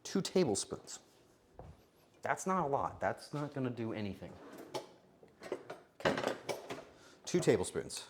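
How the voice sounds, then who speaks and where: Frantic, animated man streaming a game. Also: mid-range voice, unhurried, pauses often, heavy background noise. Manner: talks to himself, frantic and joking. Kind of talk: live game stream commentary.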